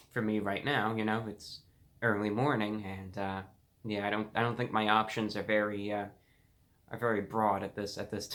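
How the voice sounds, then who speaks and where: A young man hosting a food review vlog, talking in an earnest deadpan way and hamming up catchphrases in different voices. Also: fairly low pitch. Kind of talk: deadpan comic vlog monologue.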